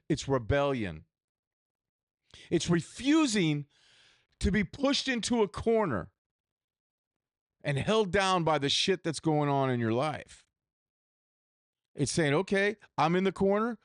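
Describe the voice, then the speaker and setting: Recorded at studio quality with no room sound, this solo podcast monologue features a male host whose fairly high voice rises and falls dramatically. He talks slowly, pausing often, in a rambling, candid, profane way full of restarts.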